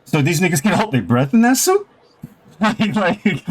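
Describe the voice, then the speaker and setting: A man co-hosting a casual podcast, talking bluntly and with disbelief, swearing freely. His voice sits slightly high for a man. He sounds like he is in a loose, unscripted conversation with a friend. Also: big pitch swings, normal speed. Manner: blunt, profane, incredulous. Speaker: podcast co-host. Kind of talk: casual chat.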